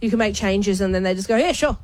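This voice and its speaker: A woman joining the radio banter with quick teasing remarks. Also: mid-range voice, little pitch movement, darkish tone, dry recording.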